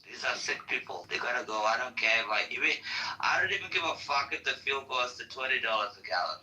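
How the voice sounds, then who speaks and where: A man's voice: mid-range voice, animated, fast talker, sharp tone, echoey room, rough recording. A man ranting on a political talk show, heated and profane, often repeating himself. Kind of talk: casual political rant.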